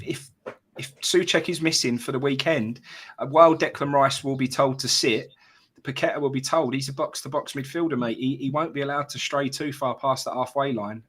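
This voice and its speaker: A man's voice: medium pitch, fairly bright tone. Man chatting on a fan stream. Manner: rambling storyteller, fillers and "mate". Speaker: fan channel co-host. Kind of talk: casual live-stream chat.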